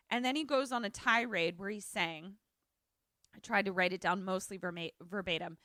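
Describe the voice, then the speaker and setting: A bright, sharp-toned young woman tells a movie story over a close, dry podcast mic. She is an animated storyteller who keeps slipping into quick voices for the characters. Her talk is casual and full of fillers. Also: medium pitch, no room sound. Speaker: podcast co-host. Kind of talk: casual chat retelling a film plot.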